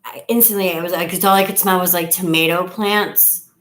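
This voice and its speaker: A middle-aged woman chats on a home live stream in a somewhat low voice. She rambles along, losing her thread and trailing off quietly as she counts. It sounds like a device camera sitting on a table at home. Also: fairly even intonation, fairly quick. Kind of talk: casual live stream chat.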